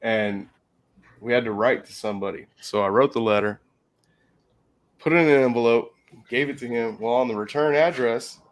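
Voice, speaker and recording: A man's voice: mid-range voice, normal speed, long pauses. A man with a Southern US accent hosting a casual live stream from his workshop, telling stories with lots of cursing and laughter. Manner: profane, laughing storyteller. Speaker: shop host.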